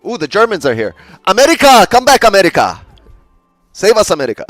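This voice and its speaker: Give me a man putting on a loud, overdone caricature of a scheming Frenchman, pitched way up. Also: level tone, rapid-fire, dry recording, clean studio sound, soft background music. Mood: panicked. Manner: loud, exaggerated, mocking. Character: scheming, then panicky cartoonish Frenchman.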